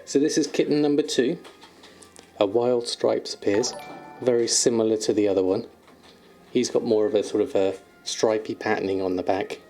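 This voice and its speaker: A man with a fairly low voice chats casually on a live stream from home. He is affectionate and easygoing, often laughing and cooing softly. His talk is loose and friendly, with filler words. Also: steady tone, moderate pace, soft background music. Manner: chatty and affectionate, laughs often, coos at kittens. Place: at home, indoors.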